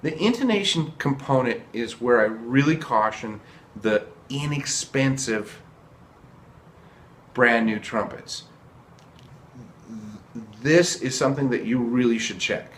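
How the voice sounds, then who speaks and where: A man's voice: medium pitch, lively intonation, slow pace, pauses often, roomy sound, a little hiss or hum. Earnest man giving a trumpet tip. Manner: earnest, repeats for emphasis. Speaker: trumpet teacher. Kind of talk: casual video lesson.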